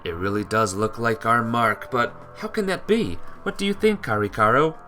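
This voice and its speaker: A man voicing a calm, kindly young female witch, reading game dialogue in a gentle, reasoning way. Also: mid-range voice, normal speed, soft background music. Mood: puzzled. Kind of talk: game dialogue read aloud.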